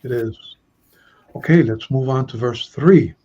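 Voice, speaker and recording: Man, Bible study host, husky voice, mid pitch, chatty, muffled lo-fi audio. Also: unhurried, mellow. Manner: chatty, asks listeners questions, reads verses aloud.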